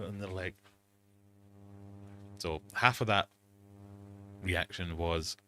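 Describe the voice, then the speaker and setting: Deep-voiced man chatting casually. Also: fairly even intonation, measured pace, pauses often, fairly bright tone, slight background noise. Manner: rambling, self-mocking storytelling with quoted asides. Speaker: livestream host. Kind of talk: casual livestream chat. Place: home fish room.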